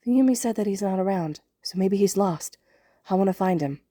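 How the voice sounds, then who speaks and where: A woman voicing a shy, quiet four-year-old boy in a storybook reading, soft-spoken. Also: medium pitch, normal speed, dry recording, studio quality, natural voice.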